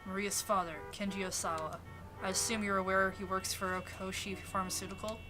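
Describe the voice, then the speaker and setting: A woman's voice: medium pitch, little pitch movement, brisk, over music, natural voice. A woman voicing a curt, frustrated American man in a game, speaking bluntly. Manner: terse, blunt.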